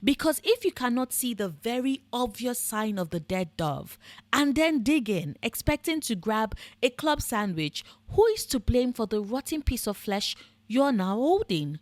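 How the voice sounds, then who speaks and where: A woman's voice: fairly high pitch, big pitch swings, unhurried. A woman giving scripted commentary in a blunt, sarcastic, profane manner. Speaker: book and fandom commentator.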